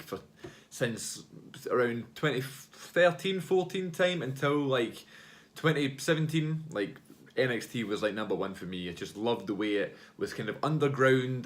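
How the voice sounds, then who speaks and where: A man hosting a wrestling podcast, chatting casually on his own in a rambling way, full of fillers like "you know" and "like" and frequent self-corrections. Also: mid-range voice. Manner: loud, upbeat greeting at the start. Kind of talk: casual solo chat.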